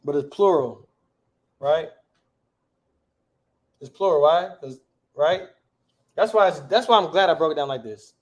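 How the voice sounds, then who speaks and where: A man with a somewhat high voice teaches a class in a relaxed, conversational style. He keeps stopping to ask "right?" and mixes slang into his explanations. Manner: casual, keeps checking with "right?".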